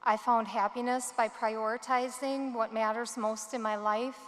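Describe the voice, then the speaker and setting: Woman, commencement speaker; slightly high, earnest and measured, big echoing hall. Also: steady tone, a bit bright. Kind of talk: prepared commencement speech. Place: large hall. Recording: long hall reverb.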